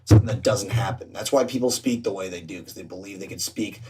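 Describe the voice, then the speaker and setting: Low-voiced man, set back from the mic. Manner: storytelling, acts out both sides of bar talk; profane, halting restarts. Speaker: podcast guest. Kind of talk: casual podcast chat. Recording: distant mic with faint noise.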